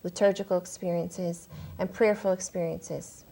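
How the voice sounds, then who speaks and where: A woman's voice: fairly low pitch, fairly even intonation, moderate pace, gravelly, mellow. A woman who is a religious sister and school principal, explaining her school earnestly in a TV panel discussion, with small hesitations.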